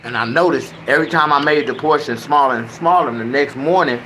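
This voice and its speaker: A man telling a crude, animated, slang-heavy anecdote in a casual, profane style. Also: medium pitch, fairly quick, a little hiss or hum, low-quality recording. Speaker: comedic storyteller.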